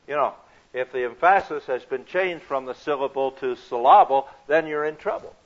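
A man's voice: on the high side, fairly bright tone. A man giving an earnest, emphatic lecture on counseling, with illustrative examples. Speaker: counseling teacher. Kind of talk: recorded lecture. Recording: dull lo-fi lecture recording.

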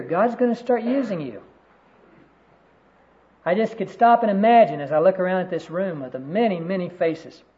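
A man preaching a sermon to a conference audience, telling stories earnestly and quoting scripture. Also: fairly high pitch. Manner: earnest storytelling, quotes scripture. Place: conference room. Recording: dull lo-fi sermon recording.

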